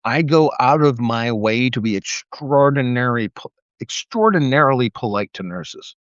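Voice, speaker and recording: A middle-aged man hosts a casual livestream monologue, telling stories and jumping into exaggerated voices for the people he quotes. His voice sits at an ordinary pitch. The recording is dry and a little dull, with a lo-fi edge. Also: moderate pace, no room sound. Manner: animated storytelling, acts out quotes in a raised voice. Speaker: live stream host. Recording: slightly dull lo-fi sound.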